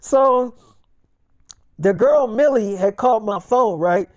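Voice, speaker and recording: Brief: woman storyteller, freestyle, blunt and profane, fairly high voice, dry close sound. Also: takes it slowly, dry recording. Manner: profane, blunt, tells it as a man character. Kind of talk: improvised first-person story, freestyle.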